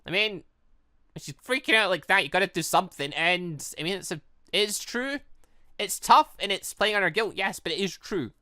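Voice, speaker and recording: A man hosting a visual novel playthrough, commenting excitedly and laughing between the story's lines. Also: high voice, normal speed, no room sound, studio quality. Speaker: let's play host.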